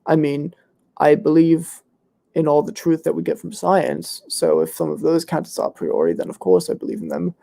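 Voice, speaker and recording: A man playing a smug, pompous young internet debater who is hoarse and losing his voice, rattling off fallacy names with complete self-assurance. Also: a little high, moderate pace, mellow. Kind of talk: comedic live Q&A role-play.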